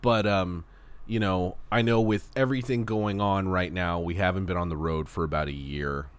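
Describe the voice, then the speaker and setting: Host, male, very low voice, relaxed storyteller who swears casually. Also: normal speed, clean tone. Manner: loose, laughing storyteller with frequent swearing. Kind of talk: casual chat.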